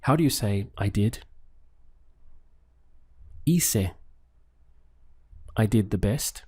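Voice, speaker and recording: A man teaching a language lesson, patiently repeating phrases and pausing for the listener to answer. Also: fairly low pitch, a little mellow, slightly rough. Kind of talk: paced language lesson with pauses for practice.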